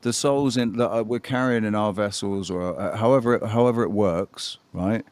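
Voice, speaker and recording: A man's voice: lowish voice, darkish tone, smooth, dry recording. Host, male, reflective and rambling, dry close mic. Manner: reflective, meandering, drawn-out phrasing. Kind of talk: casual chat.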